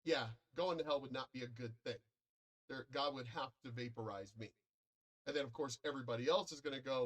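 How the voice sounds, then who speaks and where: A man's voice: medium pitch, brisk, a bit bright. An American man in a profane, combative and boastful ranting monologue, commenting online. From United States.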